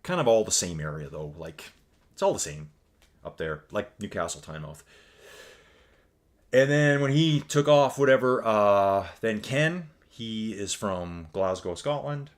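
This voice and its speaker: Canadian male streamer, low-pitched, loose and rambly, race commentary mixed with chat. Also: expressive, a little slow. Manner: rambling, chatty, reads viewer chat aloud.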